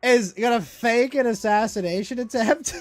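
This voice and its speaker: A man's voice: very high-pitched, measured pace, no echo, faint music behind. A male streamer ranting casually on a live stream, cursing a lot and sounding exasperated and sarcastic.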